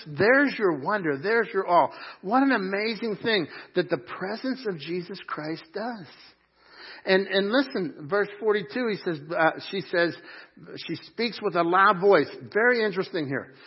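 A man preaching a sermon at a live church service, animated, swinging from loud shouts of joy to quiet asides. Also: sits high, normal speed, slightly rough, dull audio. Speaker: pastor.

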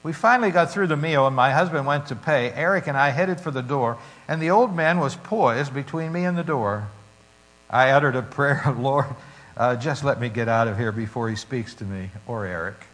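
A man preaching, reading a story and scripture with dramatic shifts in loudness. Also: mid-range voice, moderate pace, poor audio. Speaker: pastor.

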